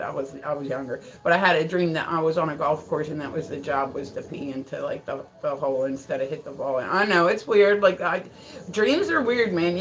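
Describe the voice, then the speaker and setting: A woman's voice: mid-range voice, low-quality recording. A woman livestreaming in casual chat, telling rambling stories full of swearing and often breaking into laughter as she reads viewer comments aloud. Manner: profane, rambling storyteller; laughs often mid-sentence.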